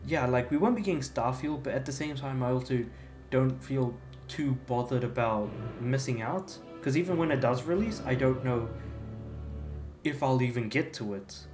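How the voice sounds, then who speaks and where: A man's voice: medium pitch, normal speed, a little mellow. A young man talks loosely to his stream chat, wandering between thoughts and full of fillers and restarts. His voice sits in a plain middle range and bounces around an echoey room, with faint music underneath. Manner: rambling, many fillers and restarts. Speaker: game streamer. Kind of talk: casual chat while livestreaming.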